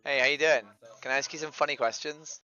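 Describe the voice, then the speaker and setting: Persistent bright-voiced male activist streamer. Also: fairly high pitch, steady tone, fast talker, clean tone, dry recording. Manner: persistent, repeats his opening line, probing questions. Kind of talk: street-outreach style questioning on voice chat. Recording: dry lo-fi stream audio.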